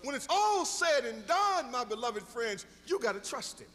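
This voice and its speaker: A man's voice: extremely high pitch, very animated, moderate pace, a bit bright, big-room sound. A middle-aged man preaching a sermon as pastor, telling stories and building to emphatic exhortation.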